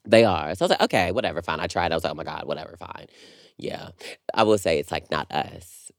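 A young adult man co-hosting a podcast, chatting candidly and animatedly, often jumping into high squeals. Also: quick pace, gravelly, dry recording, clean studio sound. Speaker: podcast co-host. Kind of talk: candid casual chat.

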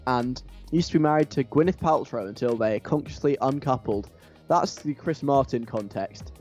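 Chatty radio host, enthusiastic. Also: male voice, medium pitch, moderate pace, a little mellow, faint music behind. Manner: chatty, enthusiastic, nerdy asides. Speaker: radio presenter. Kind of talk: casual radio chat.

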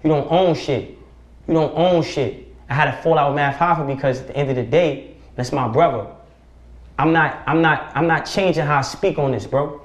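Preachy, forceful man in a roomy studio. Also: fairly high pitch, normal speed. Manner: forceful, preachy, profane, rhetorical questions. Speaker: podcast guest. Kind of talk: impassioned podcast conversation. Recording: roomy echo.

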